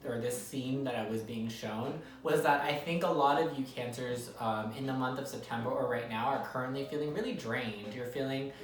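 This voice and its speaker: This tarot reader has an extremely low-pitched voice and speaks at a moderate pace with hardly any pauses. Chatty and repetitive, she gives viewers a casual reading and keeps asking "okay?" She's recorded in an echoey room from a distant mic.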